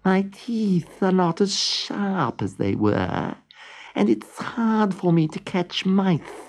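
Storybook old cat, gloomy and grumbling, raised drawling voice with a creaky rasp; a man puts it on. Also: sits high, sing-song, pitched above the performer's own voice, full character voice. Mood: mournful. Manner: slow and mournful.

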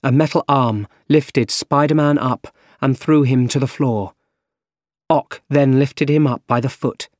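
A man reads a storybook aloud in a steady, even manner, with his voice sitting at a mid pitch. The recording is dry and close, with no room sound. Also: unhurried, no room sound. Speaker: narrator. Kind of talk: scripted storybook narration.

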